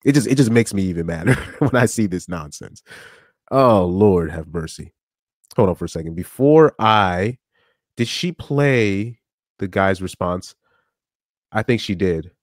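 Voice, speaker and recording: A man giving casual reaction commentary on a live stream clip, animated, with stammering restarts and frequent laughs. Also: low-pitched, no room sound, clean studio sound.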